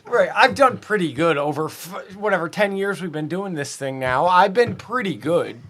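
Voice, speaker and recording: A man's voice: high-pitched, expressive, moderate pace, a bit bright. A man co-hosting a casual sports podcast, rambling and self-deprecating as he reads listener emails. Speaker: podcast co-host, email reader.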